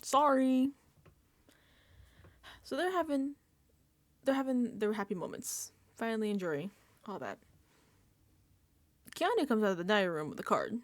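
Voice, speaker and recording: A woman with a fairly high voice talks through a reality TV recap in a loose, rambling vlog style. She sounds sarcastic and fed up, and she swears freely. The recording is dry and close, with no room echo. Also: sing-song, normal speed, long pauses. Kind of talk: casual recap and reaction.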